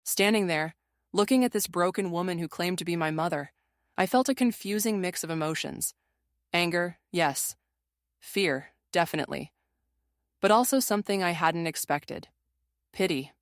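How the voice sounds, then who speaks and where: Female narrator with a low voice, measured and steady, reading a dramatic first-person story, dry booth sound. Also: dry recording.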